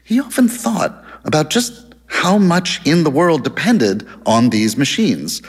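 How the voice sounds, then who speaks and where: A man reading a story aloud as narrator, in a wry, measured storytelling manner with lively emphasis. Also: on the high side, husky. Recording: long hall reverb.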